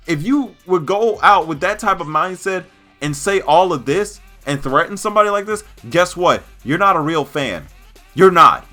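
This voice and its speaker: A man's voice: medium pitch, sharp tone. A man ranting angrily in a gaming vlog, swearing and hammering his points with repetition. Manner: heated, swearing, emphatic repetition. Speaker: gaming YouTuber.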